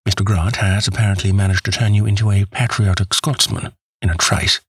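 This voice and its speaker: A man voicing a sharp, cool-headed detective in an audiobook, calm and faintly teasing. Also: lowish voice, a little fast, husky, dry recording. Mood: dry composure.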